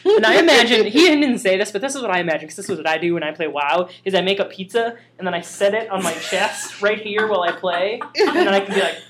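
A woman co-hosting a podcast, chatting casually in an animated, self-mocking way. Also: medium pitch, fast, slight background noise. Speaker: podcast co-host. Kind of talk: casual chat.

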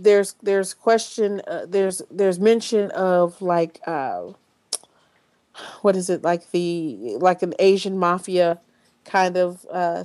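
A woman's voice: on the low side, a little mellow. Blunt, swearing woman podcast host. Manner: blunt, swears freely, many fillers and restarts. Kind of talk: casual podcast discussion.

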